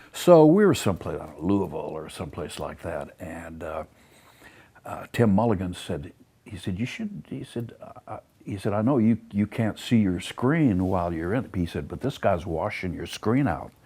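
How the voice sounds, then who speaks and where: Brief: low, husky male guest, animated storyteller, blunt and profane. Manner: animated storyteller acting out quotes, many fillers. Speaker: interview guest. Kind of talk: casual storytelling.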